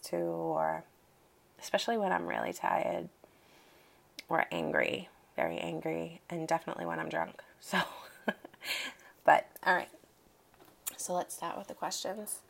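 Gravelly-voiced woman with a Boston accent. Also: fairly low pitch. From Boston, Massachusetts. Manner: chatty, wry, with frequent ums and light laughs. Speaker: accent challenge vlogger. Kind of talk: casual spoken vlog.

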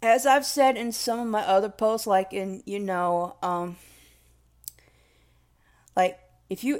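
A young woman rambling casually and emotionally in a vlog, self-deprecating and swearing freely. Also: medium pitch. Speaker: vlogger.

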